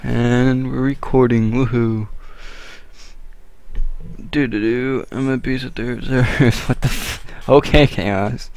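A man giving casual, rambling gaming commentary while he plays, joking and getting excited at the action. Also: medium pitch, takes it slowly, no echo. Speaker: gameplay commentator.

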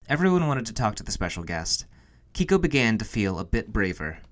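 A man's voice: lowish voice, very animated, a little fast, hardly any pauses. A man reading a children's picture book aloud for a museum storytime, telling it expressively. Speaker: storytime reader.

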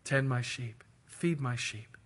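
A man voicing a gentle, patient grown male teacher who speaks calmly. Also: medium pitch, takes it slowly, voice pushed down. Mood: questioning. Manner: calm, gentle.

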